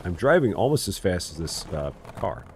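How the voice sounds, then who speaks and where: A gaming streamer with a low, gravelly voice comments on his game live at a moderate pace, with a faint hiss or hum in the audio. He jokes, teases his chat, and slips into sing-song asides while faint music plays behind him.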